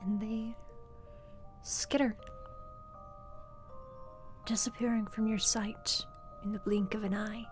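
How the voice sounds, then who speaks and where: A woman narrating a tabletop game as game master in a soft, hushed storytelling manner. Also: mid-range voice, level tone, takes it slowly, pauses often, faint music behind.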